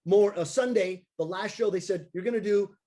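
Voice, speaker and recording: A man, a circus clown and daredevil, telling an animated story on a video call and acting out the voices of the people in it. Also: high voice, moderate pace. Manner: excitable, acts out voices of people in his stories.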